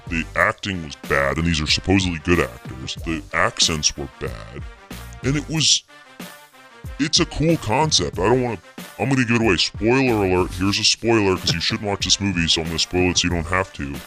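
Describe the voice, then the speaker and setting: A man's voice: deep voice, expressive, fairly quick, pushed and bright, faint music behind. A man co-hosting a casual podcast chat, delivering blunt, emphatic opinions. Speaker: podcast co-host.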